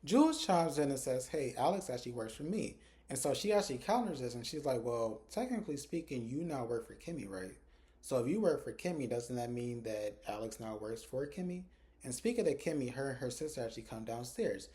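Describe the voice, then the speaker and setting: A man's voice: medium pitch, lively intonation, brisk, dark tone. A man recapping a television drama episode in a casual, chatty way, quoting the characters as he goes. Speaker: recap host. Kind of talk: casual plot recap with acted quotes.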